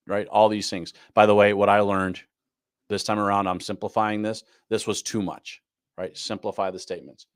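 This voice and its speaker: A man's voice: lowish voice, level tone, moderate pace, smooth, no room sound, studio quality. A man teaching a live online class on goal planning, repeating his key points and often asking "right?". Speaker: business coach.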